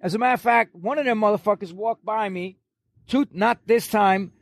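A man's voice: sits high, normal speed, vocal fry, no room sound, studio quality. A man, telling stories as a guest in an aggressive, profane, boastful way. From New York. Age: 60s. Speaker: podcast guest. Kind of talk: profane storytelling in an interview.

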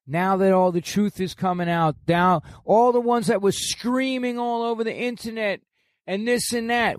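A New York man in his 60s, a guest on a podcast, tells stories in an interview in an aggressive, profane, boastful way. His voice is high-pitched, and the recording has a clean studio sound with no room sound.

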